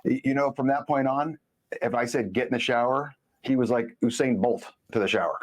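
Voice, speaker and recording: A man as a podcast guest, speaking bluntly and emphatically in casual conversation, telling stories with quick asides. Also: medium pitch, steady tone.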